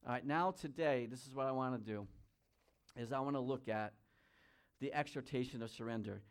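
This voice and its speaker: A man preaching a sermon. He reads scripture aloud, comments on it, and swings between loud emphasis and quiet asides. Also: mid-range voice, fairly quick, smooth. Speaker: pastor.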